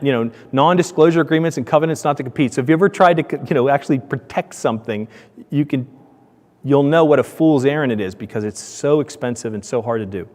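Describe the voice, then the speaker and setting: A man giving a conference talk, telling stories with lively acted-out voices. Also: fast. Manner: animated, acts out dialogue with raised pitch. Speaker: conference speaker, donut shop owner. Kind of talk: storytelling presentation. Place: conference hall. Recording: hall reverb from a conference room.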